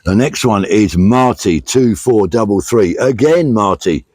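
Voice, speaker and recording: His voice sits fairly low, a little mellow, with lively intonation and an unhurried pace, and there's no echo. He's a middle-aged British man vlogging casually outdoors on a country charity walk, chatting plainly with many fillers while reading out thanks to donors.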